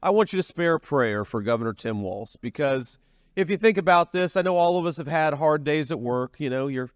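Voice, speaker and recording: A man's voice: fairly high pitch, animated, fairly quick, no room sound, studio quality. A man giving a campaign rally speech, talking in a folksy, repetitive way with frequent restarts. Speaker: political candidate at a rally.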